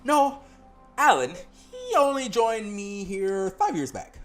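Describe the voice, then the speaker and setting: A fabulous small-town cafe owner, showy and drawn-out, put on by a man reading game dialogue. He talks up loudly with lively swoops of pitch. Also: faint music behind, exaggerated voice. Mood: chatty.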